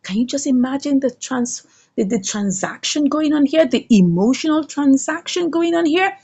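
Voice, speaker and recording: A woman's voice: sits high, animated, normal speed, darkish tone, lo-fi sound. A woman reviewing a drama series, retelling the episode in a dramatic storytelling way and asking the listener rhetorical questions. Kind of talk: animated recap of a drama episode.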